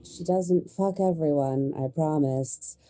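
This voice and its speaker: A woman's voice: low-pitched, takes it slowly, mellow, soft background music. A woman voicing a proud young woman defending her sister in a tabletop role-play. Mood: guarded.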